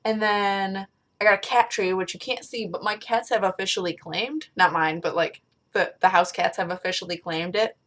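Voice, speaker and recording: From a small bedroom, a young adult woman vlogs to her webcam, rambling casually and swearing lightly. She talks at a moderate pace in a slightly bright, mid-range voice with fairly even intonation.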